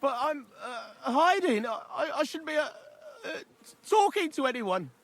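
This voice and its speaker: A man's voice: extremely high pitch, very animated, normal speed, full character voice. An actor voicing a nervous, stammering male informant with a cockney-like English accent in a video game. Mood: scared. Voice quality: stammering, jittery. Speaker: game character.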